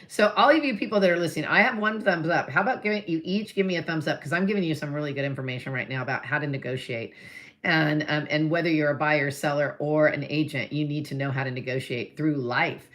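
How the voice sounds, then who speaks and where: A low-pitched middle-aged woman talks straight to her viewers, chatty and salesy. She tells a real estate story, plays out both sides of her phone calls, and plugs her classes along the way. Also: quick pace, a bit bright. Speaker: real estate agent and teacher. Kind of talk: live-stream talk to viewers.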